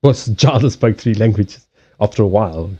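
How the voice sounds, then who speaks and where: A man with a Southern African accent chatting on his livestream, his pitch swinging up and down as he gets animated. His voice is mellow and warm, he swears freely and laughs often. The mic sounds a bit dull and lo-fi. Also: a little fast, husky. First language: Portuguese. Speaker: card reader and livestream host. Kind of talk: casual livestream chat. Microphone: USB headset mic.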